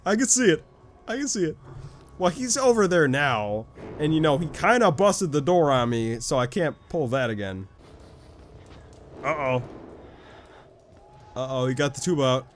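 Excitable young man with a lively, high voice. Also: normal speed, long pauses, a little hiss or hum. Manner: jokey and excitable, shouting when chased. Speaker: gameplay commentator. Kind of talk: casual let's-play commentary. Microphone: close desk mic.

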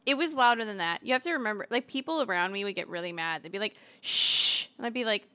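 A young woman with a Canadian accent chatting loudly and animatedly while streaming a game, often laughing as she tells stories. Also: medium pitch, very fast, no room sound. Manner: animated, loud, laughing storyteller. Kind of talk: casual gaming stream chat.

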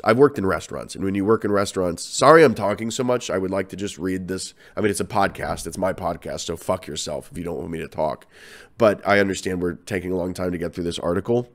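A man with a cold hosting a podcast, rambling and swearing through casual ranting commentary. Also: sits low. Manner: rambling, profane, animated. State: has a cold. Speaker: podcast host and comedian.

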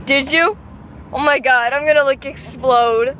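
Excitable, disbelieving woman; high, animated, unhurried delivery. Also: a little hiss or hum. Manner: excitable, disbelieving, quick to laugh. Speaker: prank target. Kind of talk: casual chat.

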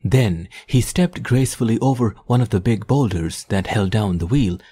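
A man narrating an adventure audiobook in a measured, descriptive storytelling manner. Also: lowish voice, warm tone, husky. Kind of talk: scripted narration.

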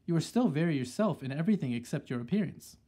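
A man voicing a shrewd, excitable old grandmother who talks in a brisk, commanding way. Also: on the high side, husky.

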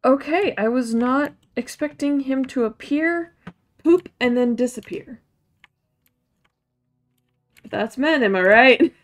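A woman's voice: high voice, slow, long pauses, faint music behind. A woman streamer giving casual, rambling gameplay commentary with a chatty, self-mocking way of talking.

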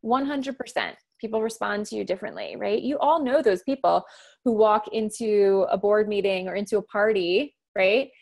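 Woman, thirties, communication coach, loud, fast-talking, assertive, direct, podcast interview, steady middle pitch. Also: vocal fry. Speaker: guest, communication coach and author.

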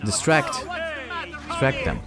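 Profane excitable man with a Russian accent. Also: mid-range voice, a little slow, music in the background, crowd noise. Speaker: gaming channel host. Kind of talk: let's-play commentary.

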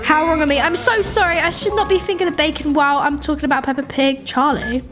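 A young woman giving excitable gaming commentary, shrieking and pleading with characters on screen. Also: sits high, fast talker. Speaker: gaming YouTuber. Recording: game music behind voice. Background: music.

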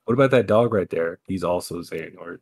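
A man's voice: low-pitched, brisk, husky, no echo. A man hosting a casual gaming podcast, joking around and repeating lines for laughs. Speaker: podcast host. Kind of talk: casual chat.

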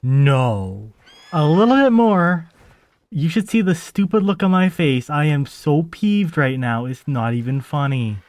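A man's voice: fairly high pitch, sing-song, a little slow, darkish tone, dry recording. A man hosting his own game channel, chatting casually to viewers as he plays and getting exasperated when things go wrong. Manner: chatty, easily exasperated, talks to the audience while playing. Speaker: gaming channel host. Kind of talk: casual let's-play commentary.

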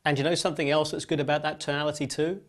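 A man teaches public speaking in a lesson style, his voice sitting a touch high for a man. He swings from fast, loud, punchy bursts to slow, drawn-out phrases that drop close to a whisper, with long pauses between them. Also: flat delivery. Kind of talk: presentation lesson demonstrating vocal variety.

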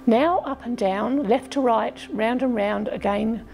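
A woman's voice: on the high side, a little slow, gravelly, darkish tone, faint music behind, poor audio. A woman voicing an anxious, caring male companion in a storybook reading.

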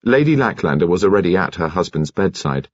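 Male audiobook narrator, deep voice, lively intonation, husky tone, dry close sound. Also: a little fast, no echo, muffled recording. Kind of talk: scripted narration of a mystery novel.

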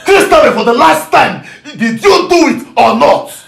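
A man's voice: very high-pitched, expressive, a little slow, creaky, a bit bright. A young Nigerian man in a comedy skit, demanding answers with upset laughter. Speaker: prank target. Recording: echoey room.

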